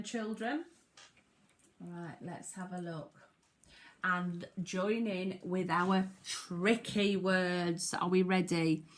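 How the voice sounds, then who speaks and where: Lady teacher doing phonics w little kids, slow and clear, encouraging. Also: mid-range voice, fairly bright tone. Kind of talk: phonics lesson for young children.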